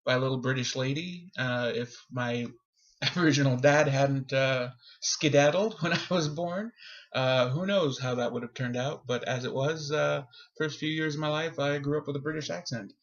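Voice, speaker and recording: A man's voice: medium pitch, normal speed. A man hosting a comedy podcast in casual chat, joking and self-mocking and laughing often. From Canada. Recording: muffled lo-fi recording.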